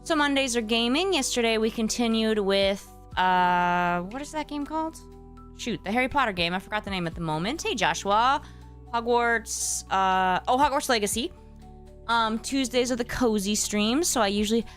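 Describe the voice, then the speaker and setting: A woman's voice: fairly high pitch, animated, moderate pace, faint music behind. A woman chatting casually to her live-stream audience as host, hesitant and a little scattered, with many fillers and restarts. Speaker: streamer hosting her channel.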